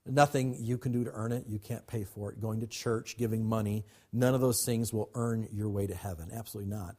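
A man's voice: on the low side, fairly even intonation, brisk, darkish tone. A man preaching a sermon as pastor, emphatic and repetitive, calling on the congregation to respond.

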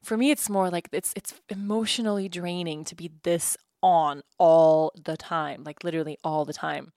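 Woman host, 30s, casual solo podcast at home; candid, laughs a lot, slightly low gravelly voice. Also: fairly even intonation, moderate pace, darkish tone, no echo, clean studio sound. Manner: candid, laughing often, rambling with restarts.

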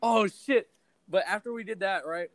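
A man's voice: high voice, normal speed, dry recording. A young man casually telling a long story to friends, rambling and profane with lots of fillers. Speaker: podcast co-host telling a story.

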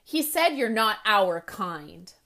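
A woman's voice: mid-range voice, big pitch swings, slow pace, vocal fry, bright, forceful tone, full character voice. A woman voicing a troubled young schoolboy who talks in a sullen, tearful way in a storybook reading.

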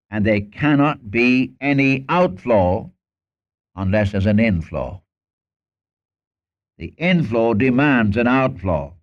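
A man preaching a sermon in an earnest manner, acting out Bible dialogue as he goes. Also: lowish voice. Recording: dull lo-fi sermon recording.

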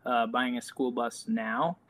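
Lively, filler-heavy podcast co-host. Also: mid-range voice, measured pace, gravelly. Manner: filler-heavy casual talk. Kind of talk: casual podcast chat.

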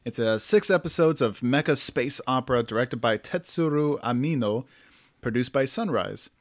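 A man of middle pitch hosts a relaxed podcast conversation. He chuckles often and trips over hard names as he talks. The sound is dry and close. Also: normal speed, no echo. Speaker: podcast host. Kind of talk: casual podcast chat.

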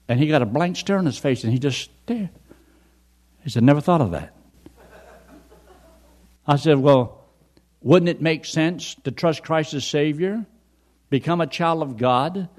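A man preaching a sermon, reading scripture aloud and telling folksy stories from his own ministry. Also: fairly high pitch.

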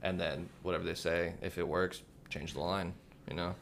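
A very low-voiced man talks as a podcast guest, explaining filmmaking in a thoughtful, meandering way. He leans on filler words as he works through his ideas. Faint background noise runs under the talk. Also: flat delivery, normal speed, vocal fry, a bit bright. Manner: thoughtful, explains with many likes and you knows. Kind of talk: casual interview chat.

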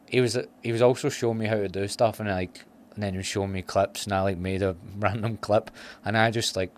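A Scottish man hosts a casual podcast chat, swearing freely and laughing through his stories. His voice sits fairly low. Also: steady tone, fairly quick, a little hiss or hum. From Scotland. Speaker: podcast host.

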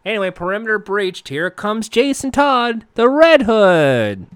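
A man's voice: high-pitched, big pitch swings, a little slow, smooth, dry recording, clean studio sound. A man casually recapping a show with jokey, profane, self-mocking asides.

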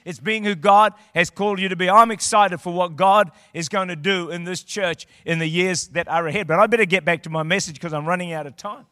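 A man preaching a sermon in a church, impassioned and building to shouted declarations. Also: high-pitched, no echo, studio quality, big-room sound. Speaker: guest preacher. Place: church auditorium.

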